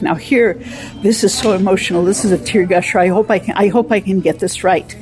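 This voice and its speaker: A woman's voice: medium pitch, fairly quick, a little mellow, soft background music. A woman singing excerpts from an opera and stopping to explain the story in plain talk. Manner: sings arias then retells the plot in plain talk.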